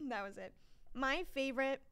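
A woman co-hosting a podcast in casual chat, chatty and quick to laugh, with lots of fillers. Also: sits high, a bit bright, clean tone. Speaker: podcast co-host.

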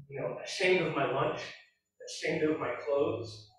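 Forties guy telling his story, halting and earnest, slightly high voice, big echoey hall, off mic. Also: a bit bright, recorded from a distance. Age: 40s. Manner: halting, earnest, with many restarts. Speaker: judge. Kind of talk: personal testimony speech. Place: temple event hall.

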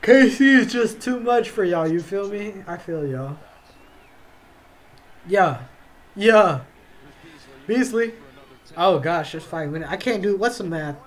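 A young man with a high voice reacts to a football game for his channel, talking in a slow, drawn-out way. He yelps and groans at the plays and tacks "bro" onto almost everything. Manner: excitable, yelps and drawls "bro" constantly. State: tired, yawning. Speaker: reaction video host. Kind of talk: casual game reaction commentary.

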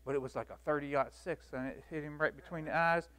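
A man with a drawl leads a church Bible lesson, folksy and animated as he acts out the stories. His voice sits slightly high for a man. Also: a little fast. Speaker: Sunday school teacher.

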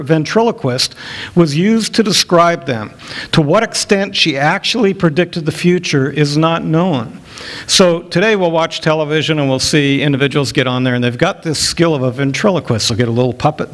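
A middle-aged male pastor preaching an expository sermon, rising to emphatic peaks when he quotes scripture. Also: a little high.

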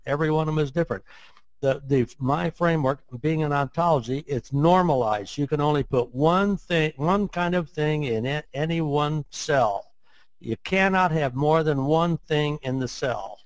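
A man's voice: a little high, dry recording, poor audio. Older man explaining with emphatic insistence. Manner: emphatic, gets emotional and repeats points. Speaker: interview guest, framework creator. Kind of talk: conversational explanation.

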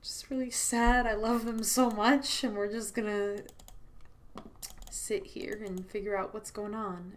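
A woman's voice: mid-range voice, level tone, a little slow, a little hiss or hum. A young woman hosting a let's play of a story game, chatty and emotional, with lots of fillers. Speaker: gaming YouTuber. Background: game music.

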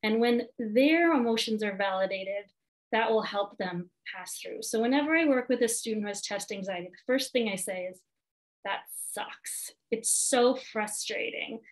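A woman's voice: mid-range voice, animated, normal speed, poor audio. A woman presenting a parent workshop on test anxiety, talking earnestly and repeating key words for emphasis.

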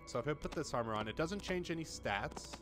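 Young male gamer, lively pitch swings, cursing freely, faint music under the voice; casual play-by-play commentary. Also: fairly quick. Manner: excitable, swings from muttering to yelling, swears a lot.

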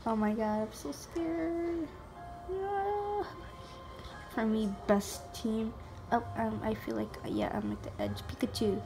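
Young woman gamer, high-ish voice, unhurried delivery, excitable commentary, faint music under. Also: gravelly. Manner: excitable, gasps and whispers while playing. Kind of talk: casual gameplay commentary.

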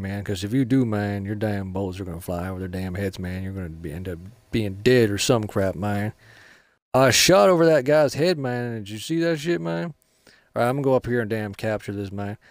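A man's voice: fairly low pitch, no echo. Rambling, swearing man playing a shooter. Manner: rambling, swears a lot, ends lines with "man". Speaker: gaming channel host. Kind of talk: casual gameplay commentary.

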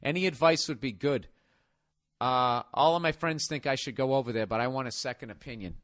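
A man with a Boston accent, a podcast host ranting in comedic, profane bursts, now and then laughing loudly. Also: mid-range voice, fairly quick, no echo, clean studio sound.

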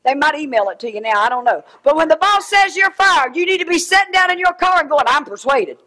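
A middle-aged woman preaching a sermon, swinging between shouted exhortation and quiet asides. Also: high-pitched, animated, quick pace.

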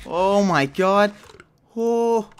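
A man hosting a video game let's play, chatting to viewers and breaking into panicky yelling when things go wrong, speaking into a headset mic. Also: high voice, extremely slow, slight background noise. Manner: excitable, panicky yelling under pressure. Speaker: gaming channel host.

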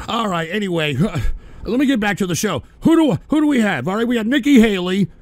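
A man's voice: high voice, expressive, normal speed, no room sound. A man hosting a live talk show, cursing and snapping irritably at the trolls in his chat between political rants. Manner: profane, irritable, shouting at trolls. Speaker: livestream talk show host. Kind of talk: live call-in radio rant.

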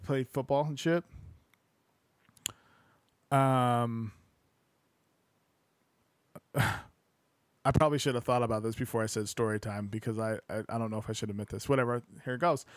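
A man's voice: mid-range voice, smooth, no echo. A young man hosting a podcast, reading a book aloud casually and breaking off into profane, joking asides. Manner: swears freely, loose and joking.

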